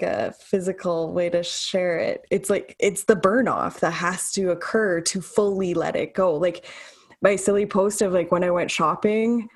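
A woman's voice: lowish voice, slightly rough. A woman co-hosting a podcast, speaking reflectively in spiritual terms in casual chat. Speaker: podcast co-host.

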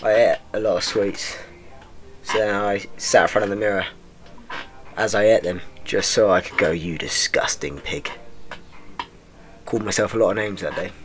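A young man with a lowish voice, talking off the cuff in a dry, self-deprecating way. He hosts a casual podcast and swears without apology. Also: fairly quick. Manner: deadpan, self-mocking, swears freely. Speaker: podcast host. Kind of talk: rambling comic monologue.

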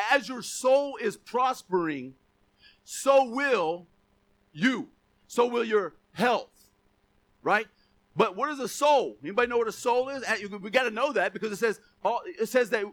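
High bright-voiced male preacher. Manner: conversational, asks the congregation questions, laughs often. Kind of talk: sermon.

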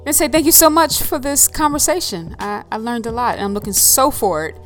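A woman's voice: on the high side, big pitch swings, brisk, faint music behind. A woman hosting a podcast, asking a guest curious questions. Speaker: podcast host. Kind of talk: podcast interview.

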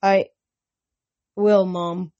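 A woman's voice: on the low side, little pitch movement, extremely slow, mellow, dull audio. A woman voicing a polite, uneasy teenage boy in her own plain voice while reading a novel aloud.

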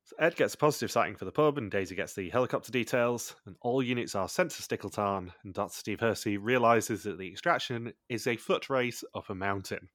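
A man with a low voice talks through a show's plot in a relaxed, chatty way. His voice sits close and dry on the mic, with no room around it. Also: brisk, no echo. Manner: chatty, recaps plot points in long runs. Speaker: podcast host. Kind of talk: casual chat recapping a TV show.

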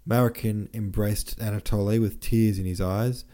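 Deep, mellow male audiobook narrator. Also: fairly even intonation, moderate pace. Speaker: audiobook podcast host. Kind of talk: scripted narration of a classic novel.

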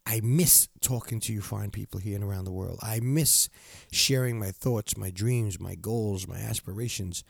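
This older man's voice is fairly low and creaky, at normal speed in a dry studio recording. Hosting a motivational podcast alone, he gives a casual, warm-hearted monologue, giggling often and repeating his phrases.

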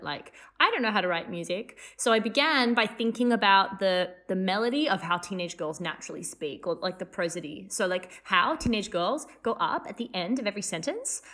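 A young adult woman, a playwright and composer chatting in an interview, talking fast and loose with lots of fillers and restarts. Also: mid-range voice, a bit bright. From Australia. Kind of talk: casual interview chat.

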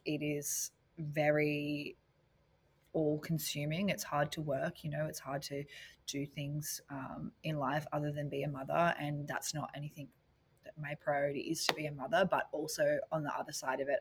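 A woman's voice: low-pitched, slight background noise. A woman guest in a casual interview, speaking candidly and reflectively, laughing easily and filling her speech with "like.".

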